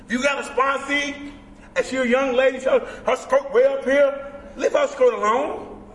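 A man giving an impassioned, preacherly share as a convention speaker, emphatic and at times shouting. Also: very high voice, fairly even intonation, moderate pace, a little hiss or hum. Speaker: guest speaker at a recovery convention. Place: large indoor convention hall. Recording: echoey hall, from far off.

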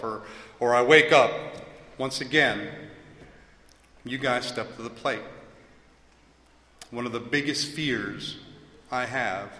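A man sharing at a recovery meeting, talking haltingly and often repeating words and restarting his sentences. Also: mid-range voice, pushed and bright. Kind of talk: personal share with a told joke. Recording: echoey hall with long reverb.

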